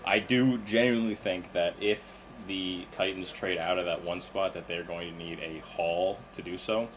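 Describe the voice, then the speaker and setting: A man with a very low, deep voice talks in a relaxed, offhand way. Clear noise hums under the recording. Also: moderate pace, poor audio. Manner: relaxed, offhand, checks facts. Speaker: podcast co-host. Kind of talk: casual mock draft chat.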